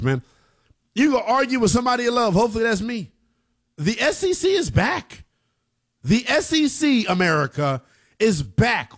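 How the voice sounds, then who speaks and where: A man hosting late-night college football talk radio, hyped up and swinging between loud calls and low muttered asides. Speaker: sports radio host.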